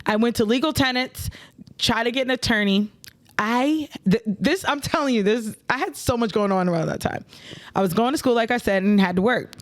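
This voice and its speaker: A woman's voice: on the high side, fairly quick. A woman co-hosting a casual talk show, telling a story with lots of swearing and laughter. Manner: animated, profane, laughs while telling stories; acts out quoted voices loudly. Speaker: podcast co-host.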